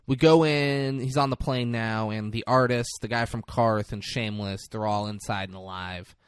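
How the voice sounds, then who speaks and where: A man's voice: lowish voice, clean tone, dry recording, studio quality. A man co-hosting a podcast, casually and profanely recapping a film scene by scene. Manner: profane, animated retelling with quick quoted lines. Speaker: podcast co-host.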